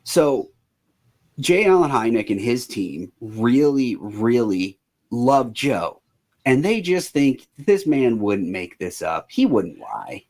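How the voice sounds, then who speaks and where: A man co-hosting a podcast, retelling an odd story in a relaxed, dry, casual way with many fillers. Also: mid-range voice, slow. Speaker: podcast co-host telling the story.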